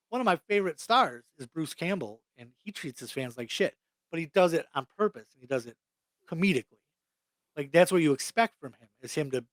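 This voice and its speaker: A man's voice: fairly high pitch, dry recording. A young adult man co-hosting a podcast, ranting bluntly and swearing freely in casual chat. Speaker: podcast co-host.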